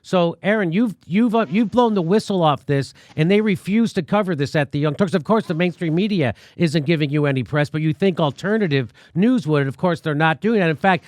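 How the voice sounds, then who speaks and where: A man hosting a political commentary show, talking in an animated, mocking and profane way. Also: high-pitched, no room sound, studio quality. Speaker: show host.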